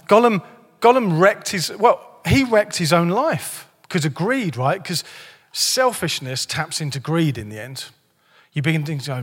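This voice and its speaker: A male pastor preaching a sermon in a church, lively and joking in a conversational way, his voice a bit hoarse. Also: on the high side, long reverb tail. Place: church hall.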